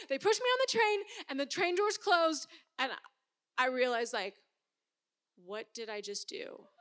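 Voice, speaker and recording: A woman in her thirties telling a personal story in an animated way, acting out her own thoughts as she goes. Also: high-pitched.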